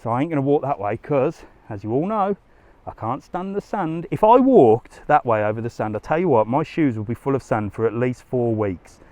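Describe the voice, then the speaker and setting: A man's voice: medium pitch, expressive, normal speed, dark tone, no room sound. A man chatting casually to viewers as he walks a resort strip on a live stream, a little out of breath. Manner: chatty, casual, talks to viewers while walking. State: slightly out of breath from walking. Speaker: travel vlogger. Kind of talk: live walking tour commentary. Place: outdoors on a busy resort street.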